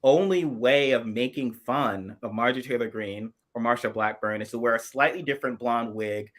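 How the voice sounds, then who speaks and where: A man's voice: mid-range voice, moderate pace, a bit bright. Impassioned man on a video chat. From South Carolina. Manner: emphatic and impassioned, many restarts. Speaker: podcast co-host. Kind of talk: casual political chat.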